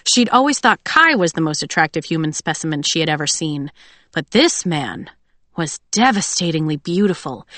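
A woman narrates an audiobook in an expressive storytelling style. Her voice sits low and is recorded dry and close, with no room sound. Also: no echo. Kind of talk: scripted narration.

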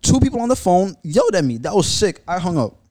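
A man's voice: high-pitched, sing-song, fast talker, a loud crowd. A man hosting a podcast in casual chat, ranting bluntly and swearing freely. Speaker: podcast host.

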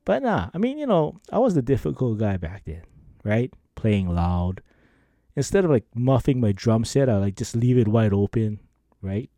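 A man's voice: mid-range voice, normal speed, no room sound. A man hosting a podcast, telling rambling stories in a casual way, laughing often and acting out what people said. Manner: rambling, animated, acts out quoted lines. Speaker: podcast host. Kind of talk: casual storytelling monologue.

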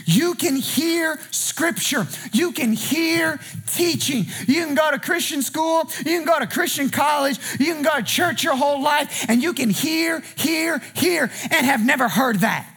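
Gravelly high-voiced pastor guy preaching hard, kinda shouty and singsong. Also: measured pace, few pauses. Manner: impassioned preaching, often shouting and sing-song. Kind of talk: sermon.

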